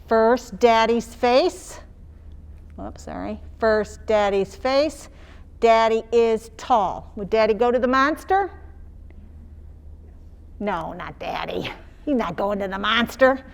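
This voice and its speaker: Woman, teacher, slow sing-song phonics demonstration, sounds out words for young kids. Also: a little high, vocal fry.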